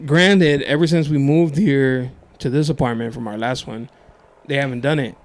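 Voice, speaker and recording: A young man hosting a casual podcast, joking and teasing as he tells quick stories. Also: medium pitch. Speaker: podcast host. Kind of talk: casual chat.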